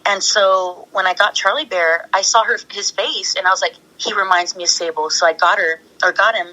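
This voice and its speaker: A woman's voice: mid-range voice, moderate pace, pushed and bright, rough recording. A middle-aged woman chatting as an interview guest, gushing and laughing often as she talks. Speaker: guest, former pro wrestler. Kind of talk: casual interview chat.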